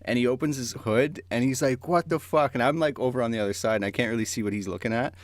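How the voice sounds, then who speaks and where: A man co-hosting a podcast over a video call, telling anecdotes in a lively way and acting out the people he quotes. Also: medium pitch, fast, dry recording. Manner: animated anecdote teller, acts out quotes. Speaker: podcast co-host.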